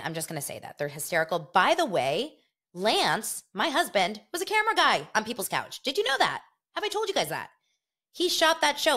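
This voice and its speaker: A woman's voice: deep voice, fairly bright tone. A woman hosting her own podcast, chatting casually and rambling, talking straight to her listeners. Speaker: podcast host. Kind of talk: casual gossip chat.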